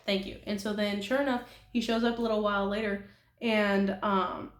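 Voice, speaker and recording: Talking to her viewers from her apartment, a young nail art vlogger from California rambles casually, giggling often and poking fun at herself. She has a mid-range voice with a flat delivery at a moderate pace, recorded in an echoey room.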